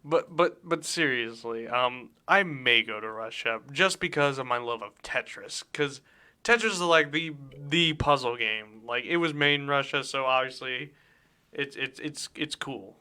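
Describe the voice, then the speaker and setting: Bright-voiced casual radio host man. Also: mid-range voice, a little slow, smooth. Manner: rambling, jokey, repeats words. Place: radio studio.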